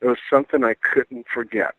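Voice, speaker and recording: A middle-aged man, a paranormal investigator, telling a ghost story in a casual, animated way and acting out the voices he quotes. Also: mid-range voice, brisk, dry recording. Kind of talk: casual storytelling on a radio call-in. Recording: dry tinny phone line.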